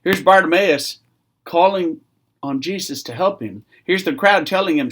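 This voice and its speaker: A man who is a pastor giving a weekly devotional in a relaxed, conversational way, now and then acting out quotes with sudden loud outbursts. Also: a little high, normal speed. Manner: conversational, acts out shouted quotes.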